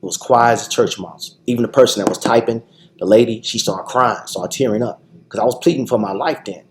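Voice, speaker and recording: A man's voice: medium pitch, fairly quick, noisy background. A man guest on a radio interview, telling his personal story with emphatic repetitions and frequent restarts. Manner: acts out quoted voices. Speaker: guest, TV show founder.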